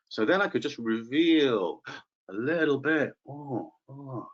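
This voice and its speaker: A man's voice: mid-range voice, expressive, normal speed, husky, dull audio. A man training teachers in a live online webinar, chatty and playful, calling on participants by name.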